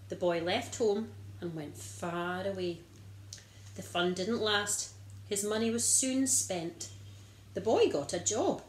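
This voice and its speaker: A woman narrating a children's Bible story and leading a prayer in an expressive storytelling manner. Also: mid-range voice, reverberant, slight background noise, poor audio.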